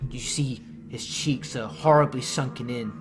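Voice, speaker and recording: Game master, male, mid-pitched, casual rambling narration over a music bed. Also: fairly even intonation, a little slow. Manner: loose, filler-heavy narration. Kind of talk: narrating a horror tabletop game.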